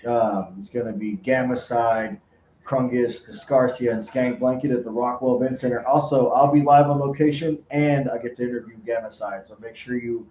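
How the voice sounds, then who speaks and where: A man hosting a podcast, telling a story in an animated way, laughing often and swearing in casual chat. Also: medium pitch, normal speed, a little hiss or hum. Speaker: podcast host. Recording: roomy, muffled sound.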